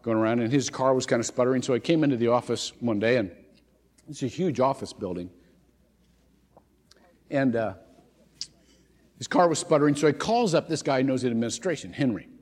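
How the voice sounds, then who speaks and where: Animated preacher in a reverberant church. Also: male voice, medium pitch, fairly quick, long pauses. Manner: animated storytelling with frequent restarts. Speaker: pastor. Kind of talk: sermon. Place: church sanctuary. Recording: long hall reverb.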